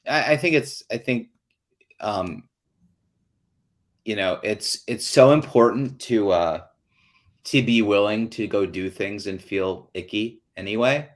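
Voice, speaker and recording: A man's voice: lowish voice, slow pace, long pauses. A man hosting an online town hall, talking in an earnest, chatty way with many fillers over a video call. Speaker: host.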